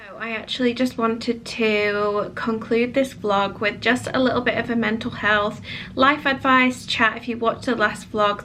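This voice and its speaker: Slow-talking, chatty young woman vlogger. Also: a little high. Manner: chatty, excitable, gushing. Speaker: lifestyle vlogger. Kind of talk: casual vlog narration. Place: cosy home living room.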